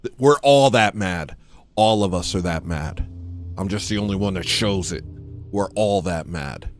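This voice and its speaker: A man hosting a casual livestream. He talks in a sardonic, self-mocking way and swings between low mutters and raised outbursts. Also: measured pace, faint music behind. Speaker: livestream host. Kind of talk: casual livestream chat, reading and answering chat.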